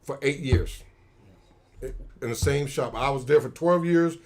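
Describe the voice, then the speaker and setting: A man's voice: mid-range voice, unhurried, a little hiss or hum. A middle-aged man, a retired soldier, tells stories casually on a livestream and acts out the quoted dialogue. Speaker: retired special forces soldier, guest.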